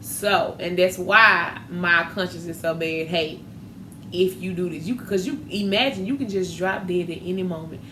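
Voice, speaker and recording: A woman with a fairly low voice, speaking at normal speed, hosts a podcast where she talks candidly and animatedly about faith and dating in a casual way. The room sounds echoey, with faint background noise.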